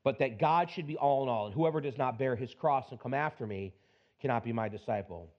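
A man preaching a sermon as a pastor, reading scripture and telling stories in a relaxed, animated, conversational way. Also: mid-range voice, a little fast, dull audio. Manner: conversational, animated storytelling with laughs and asides.

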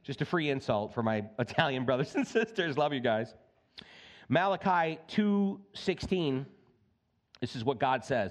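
A male pastor preaching a sermon in an animated way, slipping in joking asides. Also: mid-range voice, a little slow.

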